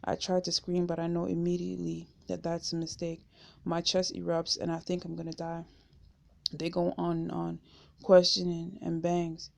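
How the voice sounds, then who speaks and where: Low gravelly woman reading a memoir. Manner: steady, unhurried first-person reading. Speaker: audiobook reader.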